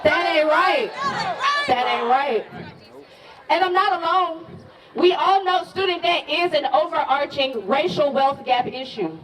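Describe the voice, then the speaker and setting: A woman from Pensacola, Florida, giving a rousing, folksy rally speech as a regional organizer, her voice hoarse. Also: high-pitched. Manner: rousing, folksy, calls out to the crowd. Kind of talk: rally speech with call-and-response chants. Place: outdoor protest rally. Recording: distant outdoor crowd recording.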